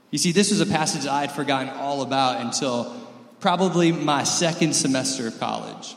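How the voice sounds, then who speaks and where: A man in his thirties preaching a sermon and telling stories, moving between loud lively stretches and soft close ones. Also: mid-range voice, fairly quick, gravelly, roomy sound, in a large hall. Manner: storytelling, swings from loud and lively to soft and intimate. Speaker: pastor.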